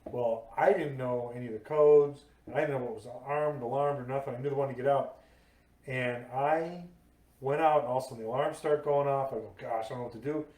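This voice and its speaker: A man hosting a casual podcast chat, telling his own stories in a lively way. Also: medium pitch, brisk, recorded from a distance. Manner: lively storyteller, acts out quoted voices. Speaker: podcast host. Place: podcast table in a room. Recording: echoey room, voice a bit off-mic.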